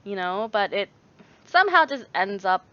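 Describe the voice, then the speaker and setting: A young woman talks through a relaxed livestream chat, circling her thoughts with fillers and stopping to read viewer messages. Her voice is bright and forward. The audio sounds a little dull and lo-fi. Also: mid-range voice, moderate pace. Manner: rambling, many fillers, reads viewer messages aloud. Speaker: YouTuber answering chat.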